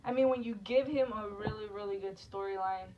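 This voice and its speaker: A woman with a medium-pitched, slightly mellow voice co-hosts a casual wrestling review podcast at a fairly quick pace. She's chatty, guides the segments from topic to topic, and says "like" frequently. The sound is lo-fi, from a distant mic with background noise.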